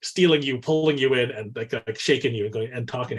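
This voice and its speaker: A man's voice: mid-range voice, brisk, husky. A man co-hosting a casual business podcast, talking animatedly, acting out little dialogues and tagging nearly every point with "right?". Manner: animated, says "right?" constantly, acts out quoted dialogue. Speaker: co-host.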